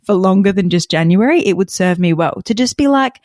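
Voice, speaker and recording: A woman's voice: medium pitch, expressive, a little fast, darkish tone, no echo. A woman in her thirties co-hosting a podcast, chatting candidly and teasing herself. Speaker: podcast co-host. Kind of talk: casual chat.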